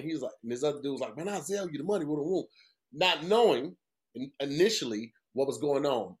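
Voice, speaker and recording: A man co-hosting a podcast, telling a long story casually, swearing often and acting out what people said. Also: medium pitch. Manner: profane, animated storytelling with voiced quotes. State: tired. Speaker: podcast co-host.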